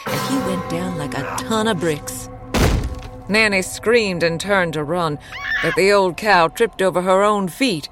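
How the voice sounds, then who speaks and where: Woman narrator, lower pitch, slow dramatic horror read. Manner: slow, measured storytelling. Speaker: guest narrator.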